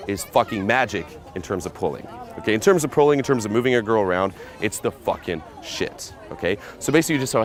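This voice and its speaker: A man's voice: on the low side, lively intonation, quick pace, a faint crowd. A man from America giving casual dating coaching outdoors on a city street, blunt and profane, often checking "okay?".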